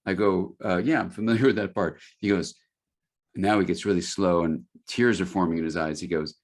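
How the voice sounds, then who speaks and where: A man's voice: low voice, fairly even intonation, brisk. A middle-aged man, an author speaking as a guest in a webinar conversation, telling stories with frequent restarts and fillers. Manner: storytelling, many restarts and fillers.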